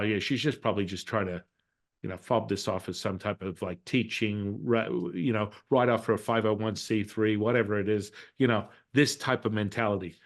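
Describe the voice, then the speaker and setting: A man, a Taoist priest and healer, telling a reflective personal story in a casual interview and acting out the dialogue in it. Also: lowish voice. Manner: reflective, acts out quoted dialogue in his story; frequent restarts and fillers.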